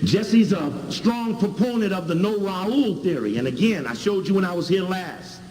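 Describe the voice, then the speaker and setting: A man lectures to a room, his pitch lively and animated as he leans on key words and repeats them. His voice sits a little high. A long hall reverb and faint background ambience surround him. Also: normal speed, noisy background. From Chicago. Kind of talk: lecture with video clips.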